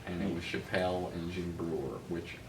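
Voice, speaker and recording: A middle-aged talent manager, appearing as a guest on an interview, tells anecdotes in a casual, animated way, filling his speech with lots of um and uh. His voice is low and his pace moderate. The mic is distant, so the recording is roomy and noisy.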